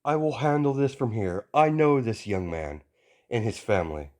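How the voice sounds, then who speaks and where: Brief: man voicing a loud, upbeat hero, strict but friendly, fan audio story. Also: mid-range voice, expressive, moderate pace, natural voice. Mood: stern jovial. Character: booming cheerful male hero, strict but jovial. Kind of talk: amateur voiced fan story.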